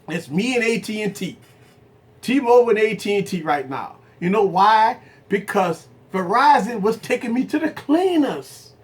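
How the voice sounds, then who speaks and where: A man hosts a tech livestream and argues his opinions with his viewers. His pitch swoops up and down with animated energy. He hammers his points home with repeated phrases and rhetorical questions. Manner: talks straight to viewers as "guys". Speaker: tech channel host and business owner.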